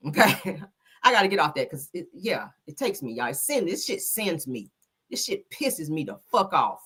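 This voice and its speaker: Animated, bright-voiced woman ranting. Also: mid-range voice. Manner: heated, profane, emphatic ranting. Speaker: commentary show host. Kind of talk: casual gossip commentary.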